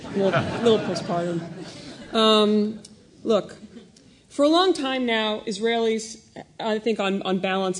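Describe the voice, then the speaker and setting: A woman reporter speaking on a panel, a little emotional, talking quickly and telling stories with animation. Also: medium pitch. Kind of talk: panel discussion.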